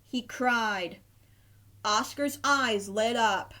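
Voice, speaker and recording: Woman, children's storybook reader, slow and gentle, slightly high voice. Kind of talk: children's read-aloud narration.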